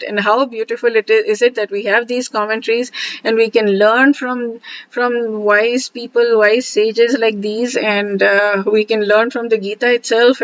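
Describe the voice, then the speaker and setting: A woman's voice: a little high, muffled recording. A woman hosting a scripture study series, talking in an earnest, enthusiastic, devotional way, often repeating herself and restarting phrases. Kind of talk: casual devotional teaching.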